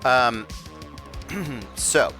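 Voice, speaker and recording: A man hosting a live tabletop game stream and reviewing rules, relaxed and rambling, with fillers and restarts. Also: medium pitch, very slow. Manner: says he has his announcer voice on. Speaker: host and game master of a PvP league stream. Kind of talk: livestream talk, reviewing rules. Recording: faint background music.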